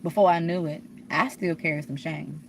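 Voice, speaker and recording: Profane, preachy woman vlogger with a low voice. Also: steady tone, moderate pace, a little hiss or hum. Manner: blunt, profane, preachy, rambling with restarts. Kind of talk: candid confessional monologue.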